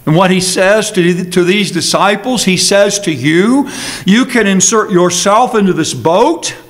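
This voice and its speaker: A man preaching an earnest, emphatic sermon with dramatic pauses, as pastor in a church sanctuary. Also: high voice.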